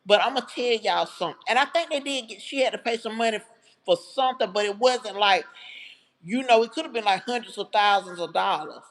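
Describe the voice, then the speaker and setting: A woman's voice: medium pitch, a little fast. A woman hosting a livestream, telling a personal story to her viewers in a heartfelt, chatty way. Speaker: livestream host. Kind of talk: casual livestream storytelling to chat.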